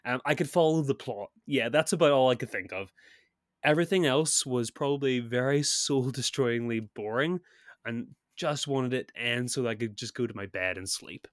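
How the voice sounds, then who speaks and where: A slightly sick man co-hosts a podcast, rambling through a casual film review chat with frequent laughter and plenty of restarts. His voice is medium in pitch and normal in speed, captured in a clean studio with no echo.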